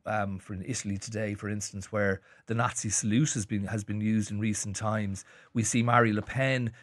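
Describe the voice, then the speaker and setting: A man with an Irish accent discussing news as a radio panelist, speaking haltingly with frequent restarts and fillers. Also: on the low side, a bit bright, no room sound, studio quality. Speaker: journalist panelist. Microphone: studio microphone.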